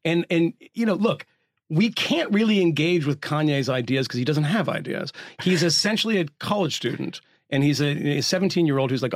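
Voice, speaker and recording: A man's voice: on the high side, animated, brisk, no room sound, studio quality. A man co-hosting a casual panel discussion, blunt and dismissive with a wry edge. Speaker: podcast co-host.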